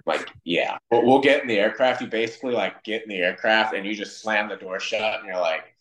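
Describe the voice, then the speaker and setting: A man's voice: on the low side, brisk, few pauses. A man from Wisconsin, a podcast guest, telling casual stories and acting out the quoted dialogue. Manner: animated, acts out quoted dialogue. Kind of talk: casual storytelling in conversation. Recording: roomy echo.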